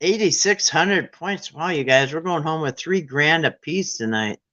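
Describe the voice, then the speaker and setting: Quiz host, casual playful chat, sarcastic asides, bright tone, muffled lo-fi sound. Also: medium pitch, animated, unhurried. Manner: irreverent, wisecracking, sarcastic asides.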